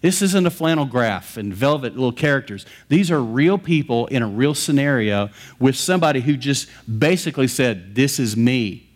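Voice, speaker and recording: Male pastor, mid-pitch voice, lively conversational sermon delivery. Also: moderate pace, few pauses. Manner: animated storytelling, conversational preaching.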